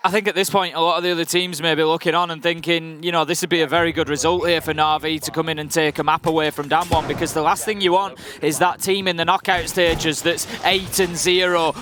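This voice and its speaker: A man commentating an esports match, analyzing the play and rising into hype calls. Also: high-pitched. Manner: measured, building to hype calls. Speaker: esports caster. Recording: noisy broadcast mix.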